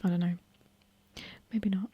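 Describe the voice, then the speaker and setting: Breathy whispering woman, rambling. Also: medium pitch, steady tone, measured pace, no echo, muffled recording. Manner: rambling, chatty, many fillers. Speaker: ASMR host. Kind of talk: whispered ASMR chat. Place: indoor room at home.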